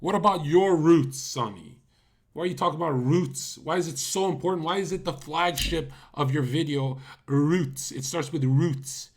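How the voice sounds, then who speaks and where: A man's voice: fairly high pitch, moderate pace, few pauses. A man live-streaming casual commentary, talking bluntly to his chat with profanity and incredulous rhetorical questions.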